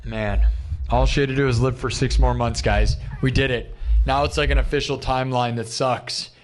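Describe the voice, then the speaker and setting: A man's voice: medium pitch, fairly even intonation, normal speed, slight background noise. A tired man talking candidly and emotionally in a rambling, casual livestream chat from his home streaming room. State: exhausted. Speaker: live streamer.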